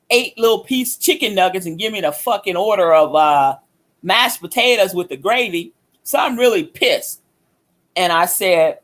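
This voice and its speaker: A woman hosting a podcast, telling a story as a casual, animated, profane rant. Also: on the low side. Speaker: podcast host.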